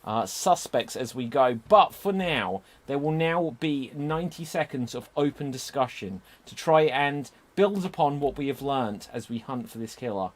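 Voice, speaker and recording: A man hosting an improvised murder-mystery show, reading audience questions in a brisk, self-mocking way. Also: medium pitch, expressive. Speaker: show host.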